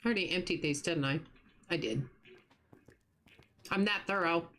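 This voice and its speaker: A middle-aged livestream host speaks in a lowish voice at normal speed, with a little hiss or hum in the audio. Warm and sympathetic, she chats casually with her viewers as she plays, restarting phrases as she goes.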